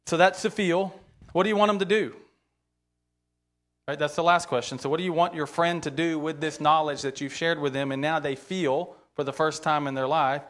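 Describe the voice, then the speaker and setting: A man's voice: on the high side, a bit bright. Earnest man teaching a church class. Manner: conversational, often checks in with "right?"; earnest, openly emotional about faith. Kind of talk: informal Bible teaching.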